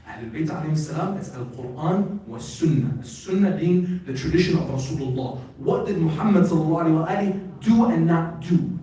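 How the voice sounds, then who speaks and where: A man's voice: fairly high pitch, lively intonation, brisk, dark tone. A man giving an emphatic religious lecture to a live audience, calling out questions to the crowd. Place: large hall at an Islamic center. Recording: echoey hall, voice from far off.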